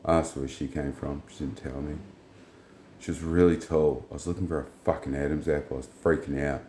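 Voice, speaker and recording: Very deep-voiced blunt man. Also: fairly quick, reverberant, slight background noise. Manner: blunt, profane, rambling, retells dialogue in flat quotes. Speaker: vlogger. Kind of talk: casual storytelling monologue.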